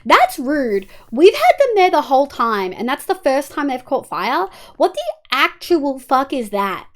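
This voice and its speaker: A woman's voice: high-pitched, big pitch swings, a little slow. An Australian woman streaming a game live, talking casually and swearing often as she chats with viewers over a headset.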